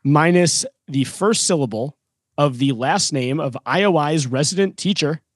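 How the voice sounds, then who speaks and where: A man's voice: on the high side, moderate pace, breathy edge, dry recording, studio quality. A man co-hosting a podcast, talking casually with many fillers and restarts while running a trivia game. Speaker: co-host running a trivia segment.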